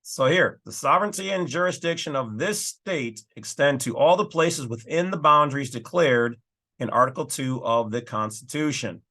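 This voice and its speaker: A man's voice: mid-range voice, sharp tone. A man hosting his own channel, casually talking through and reading legal documents with folksy, emphatic asides. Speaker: channel host.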